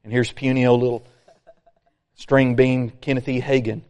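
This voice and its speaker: A man preaching a sermon, folksy and animated, acting out complainers. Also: mid-range voice, moderate pace, lo-fi sound. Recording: long hall reverb.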